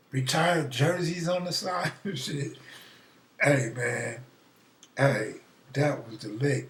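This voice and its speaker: Animated storytelling man in an echoey room. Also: a little high, far from the mic. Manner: animated storyteller, acts out voices, profane. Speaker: live stream host. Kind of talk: casual storytelling.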